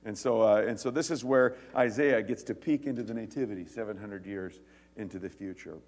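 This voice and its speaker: A man preaching a sermon in a conversational, animated way, with asides and jokes between scripture readings. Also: lowish voice, a little fast. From United States. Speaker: pastor. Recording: echoey hall.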